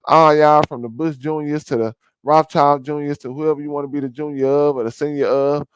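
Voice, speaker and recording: A man's voice: fairly high pitch, steady tone, brisk, clear, resonant tone, dry recording, low-quality recording. A man hosting a vlog, ranting and preaching over a clip and calling his listeners family. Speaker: vlog host. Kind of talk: ranting commentary over a played video.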